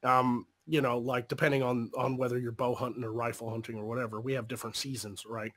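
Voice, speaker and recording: A young man, chatting loosely on a stream, rambling and swearing, quick to laugh. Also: medium pitch, little pitch movement, a bit bright. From Arkansas. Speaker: podcast co-host. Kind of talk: casual chat on a live stream.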